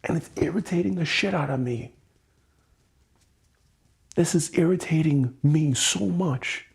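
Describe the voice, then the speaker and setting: A man's voice: fairly high pitch, unhurried, vocal fry. A man hosting an EFT tapping session, venting with angry, profane, repetitive words and weary sighs.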